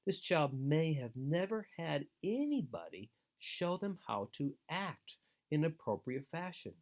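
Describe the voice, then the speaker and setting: A man giving an instructional webinar talk to foster parents, earnest and deliberate, with steady advising emphasis. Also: a little high. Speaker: foster care trainer.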